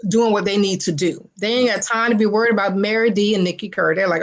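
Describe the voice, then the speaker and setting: A woman's voice: mid-range voice, quick pace, hardly any pauses. A woman guest on a talk show speaks in a mid-range voice. She talks with emphatic, motivational energy and keeps repeating key phrases for stress. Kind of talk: casual interview chat.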